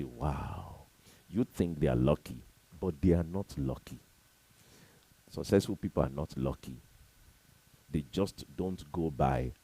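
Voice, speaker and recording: A man giving an emphatic, preachy motivational talk to camera, repeating his points and swinging between loud and soft. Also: very deep voice, breathy edge, low-quality recording. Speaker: motivational speaker.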